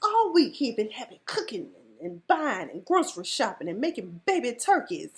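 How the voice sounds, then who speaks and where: A woman's voice: on the high side, sing-song, moderate pace, hardly any pauses. A woman giving casual, profane commentary on a reality TV episode, emphatic and outspoken.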